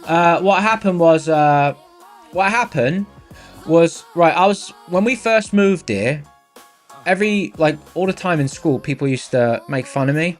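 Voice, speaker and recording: A man's voice: a little high, expressive, unhurried. A man from England hosting a live stream, chatting casually and reading out viewer comments with lots of fillers. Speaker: livestream host. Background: faint background music.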